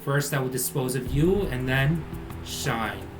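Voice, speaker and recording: A man voicing a menacing swordsman possessed by a cursed sword, speaking in a low, slow, gloating voice over game music. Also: close to an everyday voice.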